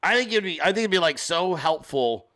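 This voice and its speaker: Male host: bright, tense-edged voice, casual joking rambler who swears freely. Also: on the high side, lively intonation, brisk. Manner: reads sponsor ads informally. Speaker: show host. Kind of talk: casual live-stream commentary.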